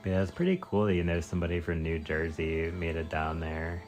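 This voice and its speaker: His low-pitched, slightly mellow voice moves a little fast as he streams a game live against game music. Spanish is his first language, and his casual commentary is peppered with slangy exclamations and fillers.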